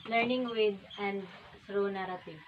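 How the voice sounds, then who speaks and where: A woman student answers slowly and hesitantly, pausing as she looks for her words. She sounds a little distant, with a dull tone and clear noise around her. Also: mid-range voice, steady tone.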